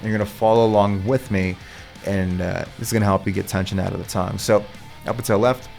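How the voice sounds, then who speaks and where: A man working as a vocal coach, explaining warm-ups in a casual, chatty way with loose swearing. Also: fairly low pitch, steady tone, fast, creaky, soft background music. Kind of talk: casual instructional talk.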